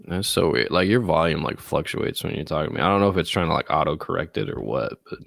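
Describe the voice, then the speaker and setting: A young man with a deep, gravelly voice, chatting loosely and teasing his co-host between fillers and restarts. The sound is close and dry, recorded through call software. He rambles, pokes fun, and keeps the talk easygoing. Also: lively intonation, fast, no echo. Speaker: podcast co-host. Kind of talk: casual chat. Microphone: remote call recording software.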